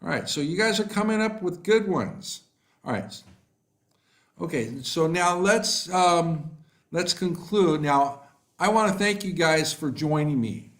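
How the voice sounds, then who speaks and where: A man teaching a live online class. He reads out student answers and praises them by name, talking slowly with many fillers. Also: on the high side, lively intonation, fairly bright tone. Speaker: online English tutor. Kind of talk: live online class, reading chat replies.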